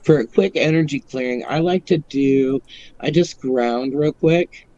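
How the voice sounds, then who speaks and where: A man in his forties, a guest on a live chat, easygoing and quick to laugh, explaining things casually. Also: mid-range voice, warm tone, dry recording, dull audio.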